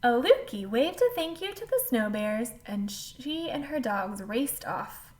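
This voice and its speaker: Slow, lively woman reading a storybook aloud. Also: fairly high pitch. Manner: animated storybook reading with asides to the listener. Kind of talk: reading a picture book aloud to a child.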